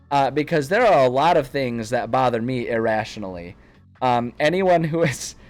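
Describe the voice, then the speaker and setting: Rambling male streamer chatting to his live chat. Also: mid-range voice. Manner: rambling, self-interrupting, chatty.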